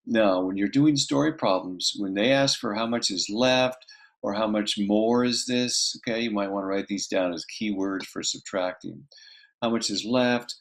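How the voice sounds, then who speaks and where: A man's voice: lowish voice, normal speed. A man teaching a casual math lesson, talking through each step aloud and checking in with "okay" often.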